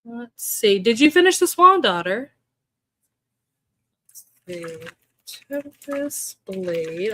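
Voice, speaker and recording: A young woman hosting a relaxed livestream, chatting casually, greeting viewers by name and laughing often. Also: medium pitch, no echo, clean studio sound. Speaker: livestream host. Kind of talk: casual chat with live chat readers.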